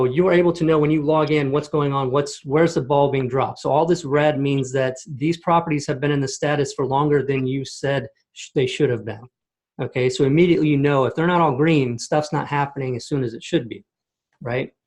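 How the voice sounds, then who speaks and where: A man giving a casual screen-share walkthrough of software on a video call, explaining step by step and checking in with "okay?" and "right?". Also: fairly high pitch. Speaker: software demo host. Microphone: computer mic on a video call.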